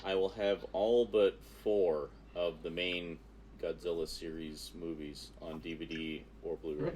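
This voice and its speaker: A man co-hosting a casual geek chat stream, enthusiastic and quick to laugh. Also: sits low, little pitch movement, a little mellow, a little hiss or hum. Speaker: co-host.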